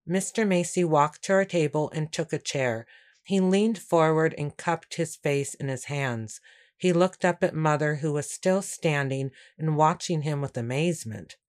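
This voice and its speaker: A woman reading a first-person story aloud in a steady, measured way. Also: deep voice. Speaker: audiobook narrator. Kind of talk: first-person scripted narration.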